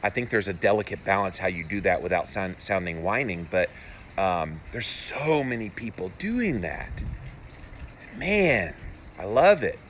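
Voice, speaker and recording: A man's voice: deep voice, expressive, normal speed, fairly bright tone, a little hiss or hum. A man hosting a solo live show, reading viewer comments aloud and giving earnest, encouraging pep talks. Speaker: health podcaster and host.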